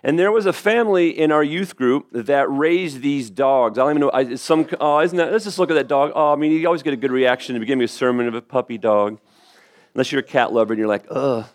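Speaking in a mid-range voice, a middle-aged man delivers a sermon as pastor. His storytelling is conversational, marked by restarts and rapid asides.

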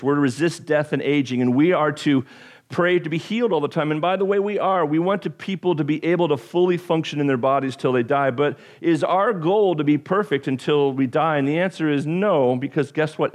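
A male pastor with a slightly higher voice preaches with animated, joking energy. He tosses in self-deprecating asides and often trips over his words and starts again. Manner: frequent stumbles and restarts. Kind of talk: sermon.

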